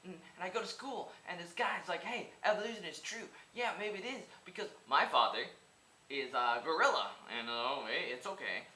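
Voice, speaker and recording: A man's voice: on the high side, animated, normal speed, bright, forceful tone. A man in his twenties rambling through a goofy, tangent-filled casual monologue. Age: 20s. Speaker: vlogger. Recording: echoey room with faint background noise.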